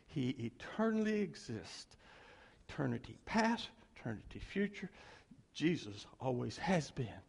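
A man's voice: medium pitch, big pitch swings, measured pace, gravelly, breathy edge, in a large hall. A male pastor preaching a sermon, telling a story and acting out both sides of a conversation.

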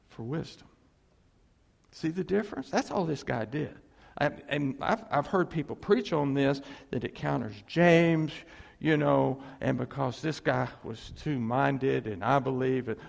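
A man's voice: fairly high pitch, vocal fry, in a large hall. A man preaching a sermon, acting out quotes and asking the congregation to answer him. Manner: animated, acts out quotes, asks the congregation for replies. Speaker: pastor.

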